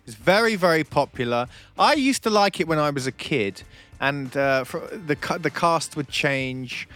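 A man's voice: on the high side, animated, moderate pace, a bit bright. A man hosting a radio talk show, chatty and joking, often laughing. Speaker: radio host.

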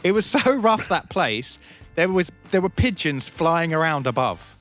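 A man's voice: on the high side, unhurried, soft background music. A man hosting a casual comedic radio chat, telling stories with lots of laughter and acting out the grumpy people he describes. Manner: animated storyteller, laughs a lot, acts out grumpy locals. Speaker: radio show host.

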